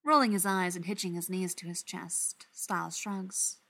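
A woman reading fiction aloud with wry, expressive storytelling. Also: fairly low pitch, normal speed. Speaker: reader.

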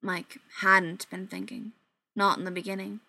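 A woman's voice: medium pitch, fairly even intonation, moderate pace, creaky, bright, forceful tone, no echo. Woman narrating an audiobook, dry sound. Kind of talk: scripted narration.

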